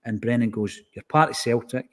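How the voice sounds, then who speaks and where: A man with a Scottish accent tells a story in relaxed podcast conversation. His voice sits in an ordinary middle pitch, and he acts out the lines he quotes from the people involved. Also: fairly quick. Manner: animated anecdotal, acts out quoted exchanges. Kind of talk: casual storytelling.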